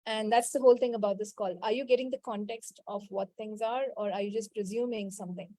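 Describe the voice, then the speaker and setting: A woman leads a spiritual coaching call, answering participants and repeating a quick clearing chant. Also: mid-range voice, fairly even intonation, dry recording. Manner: answers participants' questions directly, scolding gently. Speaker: healing call facilitator.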